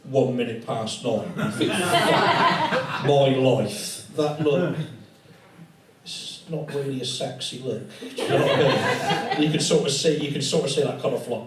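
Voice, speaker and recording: A man's voice: mid-range voice, moderate pace, a crowd in the background. A male comedian doing live stand-up in a tattoo studio, rambling and swearing freely in a conversational way. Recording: echoey room, distant mic, audience laughter.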